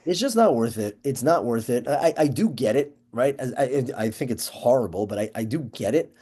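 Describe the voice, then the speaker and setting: A man's voice: medium pitch, a little fast, mellow, husky. A man giving a casual Torah class, talking loosely with restarts and Hebrew terms mixed in. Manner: conversational, many restarts and fillers, Yeshivish Hebrew terms. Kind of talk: casual lecture on a Jewish ethics text.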